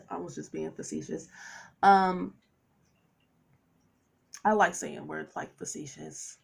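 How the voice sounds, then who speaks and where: A woman's voice: low voice, slow, vocal fry, long pauses, darkish tone, slightly rough. A woman giving a tarot reading to her viewers, talking in a chatty, playful way with preachy asides. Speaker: tarot reader. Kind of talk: casual tarot reading monologue.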